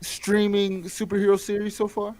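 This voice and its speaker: A man co-hosts a casual pop culture chat. He talks with excitement, laughs often, and readily jumps into the conversation. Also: sits high, normal speed, rough recording. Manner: excited, laughing, quoting scenes. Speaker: co-host.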